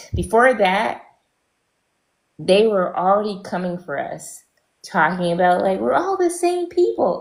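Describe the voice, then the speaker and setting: A woman's voice: on the low side, gravelly, roomy sound, rough recording. A woman speaking bluntly and scornfully on an online panel, with many ums and restarts. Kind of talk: opinionated online panel talk.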